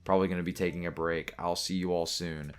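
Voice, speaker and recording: A man's voice: low-pitched, fairly even intonation, fast, smooth. A young man co-hosting a podcast, laughing often and chiming in with jokes in casual chat. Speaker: podcast co-host.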